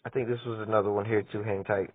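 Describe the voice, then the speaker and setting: A man's voice: on the low side, level tone, fast talker, husky, dry recording. Man, profane heated rant, reads news aloud then argues, tinny phone-like audio, dry. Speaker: political commentator.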